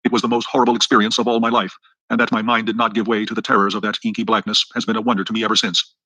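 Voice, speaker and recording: A man reading an adventure novel aloud as an audiobook narrator, with brisk, even storytelling. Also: fairly low pitch, no room sound, low-quality recording. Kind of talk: scripted narration.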